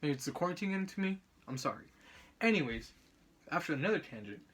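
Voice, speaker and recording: A man's voice: fairly high pitch, very animated, fast talker, fairly bright tone, husky. A young man giving a casual student presentation on a book chapter, rambling with lots of fillers and self-corrections.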